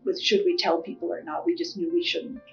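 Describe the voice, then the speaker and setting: A middle-aged woman recalling the past in an oral history interview, thoughtful and halting. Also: fairly low pitch, very animated, gravelly. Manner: thoughtful, halting, many fillers. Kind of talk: personal storytelling. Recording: muffled lo-fi audio with soft music.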